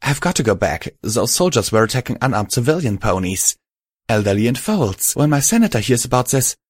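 A man's voice: mid-range voice, very animated, brisk, husky, dry recording, studio quality, pitched above the performer's own voice. Man doing a wounded wheezing pony mare. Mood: weak. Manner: weak, wheezing, earnest. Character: wounded, determined female pegasus mare.

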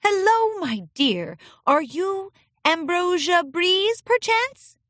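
A woman voicing a gentle, regal female pony princess who teaches a class, speaking in a sunny, warmly formal way. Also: extremely high pitch, big pitch swings, takes it slowly, no echo, clean studio sound, pitched above the performer's own voice, full character voice. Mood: cheerful.

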